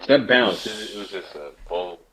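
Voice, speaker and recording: A man's voice: on the low side, lively intonation, normal speed, pushed and bright. A man co-hosting a sports podcast, chatting casually in a laid-back way with short remarks. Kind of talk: casual chat. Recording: dull lo-fi mic.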